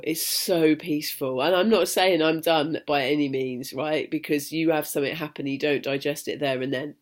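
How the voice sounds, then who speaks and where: A young woman talking frankly to camera in a personal vlog, rambling, restarting her sentences and swearing freely. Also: low voice. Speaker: vlogger. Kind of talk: candid personal vlog monologue.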